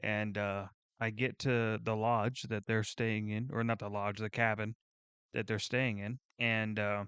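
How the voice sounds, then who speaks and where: A man hosting a reaction video, chatting casually in a rambling, excitable way and swearing freely. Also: fairly low pitch, a little slow, smooth, no room sound.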